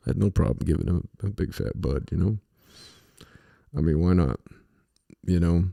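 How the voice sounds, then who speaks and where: This podcast host is a middle-aged western American with a deep, gravelly, warm voice, speaking at a moderate pace with long pauses. His casual monologue wanders from story to story, profane and heavy with fillers.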